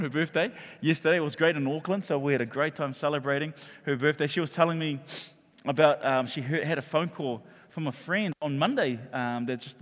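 A man preaches with a fairly high voice, telling his stories with energy and acting out the people in them. The sound carries a long reverb, as in a large hall. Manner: animated storytelling that acts out quoted voices. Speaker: pastor. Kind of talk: sermon.

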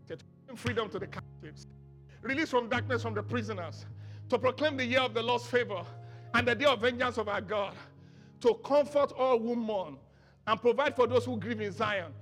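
Pastor, male, very high gravelly voice, preaching with shouted bursts, faint music underneath. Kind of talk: sermon.

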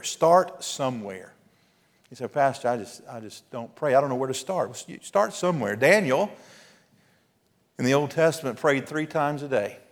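A man, a pastor preaching an earnest, exhorting sermon with emphatic pauses. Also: medium pitch. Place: church sanctuary. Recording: long hall reverb.

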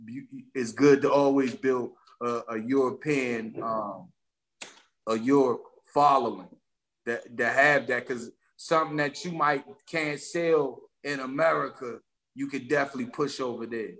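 D.C.-male rapper guest, bright and forceful, animated storyteller. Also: medium pitch, measured pace. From Washington, D.C. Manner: animated, streetwise storytelling with slang. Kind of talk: casual podcast interview.

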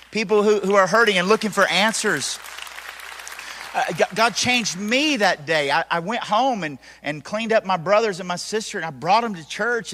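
A man preaching his testimony as a lively story and acting out the voices he describes. His voice is bright and forceful and sits a little high for a man, with long reverb from a large hall around it. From Tennessee, US. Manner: animated storyteller, acts out voices. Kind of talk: storytelling sermon.

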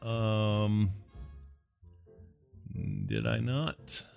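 A man's voice: on the low side, fairly even intonation, drawn-out words, creaky, a little mellow, faint music behind. A man hosting a podcast in casual, joking chat, playing listener calls and snacking at his desk. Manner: laid-back, joking, talks while snacking. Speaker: podcast host.

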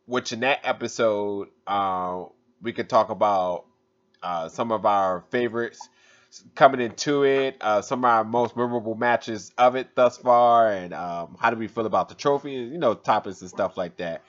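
A man's voice: lowish voice, moderate pace. A man hosting a podcast, rambling casually through plans and plugs. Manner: relaxed, rambling with fillers. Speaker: podcast host. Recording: dull lo-fi audio.

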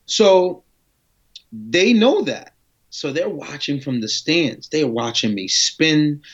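With a fairly high pitch and an unhurried pace, a guest in a casual interview relates a long story. He acts out the conversations animatedly, with slang and swearing throughout. The sound is muffled and lo-fi.

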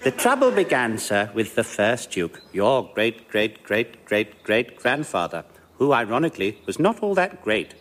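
A man's voice: medium pitch, very animated, unhurried, a bit bright. A man playing a fussy, sly vicar who is really a witch spirit, in a radio comedy sketch. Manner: pompous, flustered, theatrical. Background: studio audience laughter.

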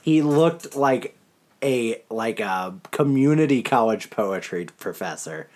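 Young guy riffing on hockey, rambly and animated, laughs a lot, average pitch. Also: takes it slowly. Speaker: podcast co-host. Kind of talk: casual hockey chat.

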